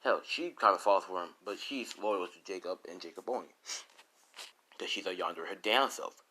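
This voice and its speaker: A man's voice: low voice, moderate pace, low-quality recording. A man casually improvising a fan story, rambling with many fillers and asides. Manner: rambling, filler-heavy, animated.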